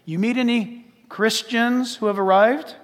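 A man's voice: very high-pitched, fairly even intonation, measured pace, big-room sound. A man preaching a sermon in a large church, emphatic, firing rhetorical questions and often breaking in with "listen". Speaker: pastor.

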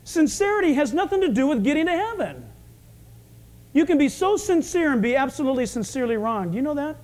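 A man preaching a sermon, animated, acting out the scenes he tells. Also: very high voice, fast talker. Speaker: pastor.

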